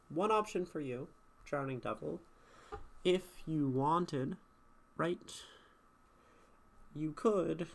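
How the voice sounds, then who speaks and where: A man streaming live, critiquing a viewer's poem casually, thinking aloud and checking in with chat. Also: medium pitch. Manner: thinking aloud, asks chat questions with many "right?"s.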